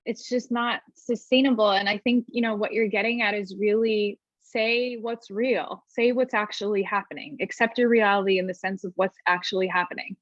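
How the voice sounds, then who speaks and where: A woman's voice: medium pitch, steady tone, normal speed, few pauses, no echo, highs cut off. A woman therapist talking reflectively in a casual webinar discussion. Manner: reflective, conversational.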